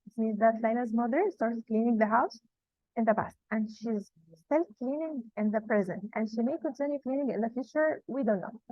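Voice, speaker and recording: Higher-voiced woman teaching grammar, dry and dull. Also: no room sound. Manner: repeats rules slowly and with emphasis. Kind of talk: classroom grammar lesson.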